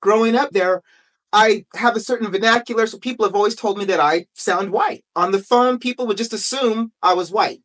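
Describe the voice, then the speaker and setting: A woman from Salt Lake City, a guest author telling a personal story in a lively, emphatic way. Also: medium pitch. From Salt Lake City, Utah. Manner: lively, emphatic, quick to act out quotes.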